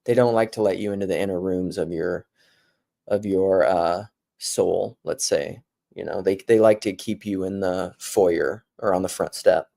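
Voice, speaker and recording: A man's voice: low voice, steady tone, moderate pace, vocal fry, dark tone. A man from South Dakota talking casually, wandering between ideas with many restarts and self-corrections. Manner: digressive, thinks aloud with many restarts. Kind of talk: casual rambling talk.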